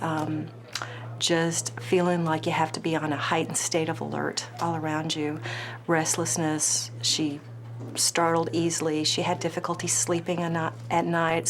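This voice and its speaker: A woman counselor speaks steadily in an interview. Her voice sits low and stays level, and she weighs her words with frequent pauses. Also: level tone. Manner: measured, clinical, with many fillers.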